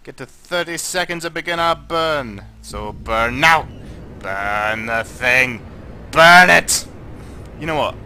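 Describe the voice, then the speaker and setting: A Scottish man, drunk, giving rambling, excitable let's play commentary as a gaming channel host and swearing a lot. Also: medium pitch, measured pace, hardly any pauses, smooth.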